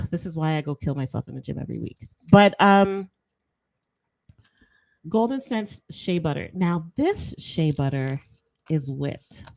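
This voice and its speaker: A chatty woman host, talking casually and slipping into patois between laughs. Her voice sits low and mellow. The recording is dry and close. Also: unhurried, vocal fry, pauses often, dry recording. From Jamaican roots. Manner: chatty, animated, laughs often, slips into patois. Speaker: podcast host. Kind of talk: casual chat.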